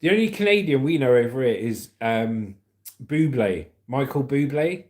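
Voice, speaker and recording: A man hosts a relaxed livestream, reading out viewers' comments and laughing along. His voice sits at an ordinary middle pitch. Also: normal speed. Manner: reads chat aloud, laughs often. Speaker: livestream host. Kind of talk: casual livestream chat.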